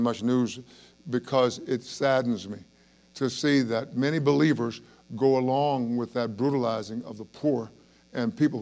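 A man preaching an evening Bible study with a gravelly, creaky voice at an ordinary pitch. He speaks earnestly and emphatically, asks his listeners questions, and often restarts his sentences. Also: a little mellow. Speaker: pastor.

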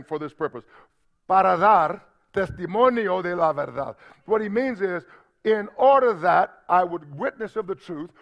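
A man pastor preaching a sermon, asking the congregation for responses as he explains scripture. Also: high voice. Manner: preaching with call-and-response asides. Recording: dull lo-fi sermon audio.

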